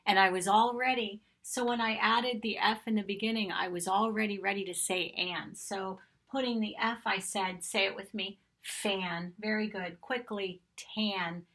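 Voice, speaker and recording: A woman's voice: mid-range voice, fairly even intonation, moderate pace, hardly any pauses, fairly bright tone. A woman teaching a phonics lesson to young children, patiently sounding out letters and vowel sounds and praising them often. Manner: encouraging praise directed at children. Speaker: kindergarten teacher.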